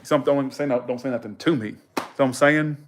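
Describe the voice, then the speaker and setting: A man with a voice of ordinary pitch hosts his own livestream. He rambles in casual, slangy talk and laughs often. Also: steady tone, fairly quick, a little hiss or hum. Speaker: livestream host.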